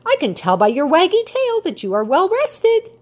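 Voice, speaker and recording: Woman putting on a little yellow bird, female, storybook teacher, high and chirpy, bouncy. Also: moderate pace, heavily acted. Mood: delighted. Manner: bright, excited chirping.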